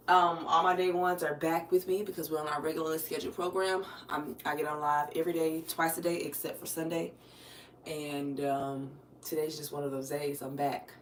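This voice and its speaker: A woman's voice: lowish voice, fairly bright tone, distant mic, slight background noise. An American woman chatting loosely with her live-stream viewers from home and swearing casually. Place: home, moving about the room. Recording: roomy sound, voice off the mic.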